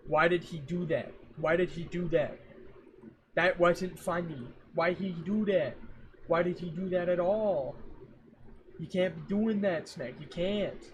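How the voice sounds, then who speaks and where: A man's voice: high voice, measured pace, lo-fi sound. A young man streaming live, rambling and joking with his chat while he sets up his audio. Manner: rambling, jokey, talks to himself and chat. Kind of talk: casual rambling livestream chat. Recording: faint fan noise behind a home mic. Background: fan running.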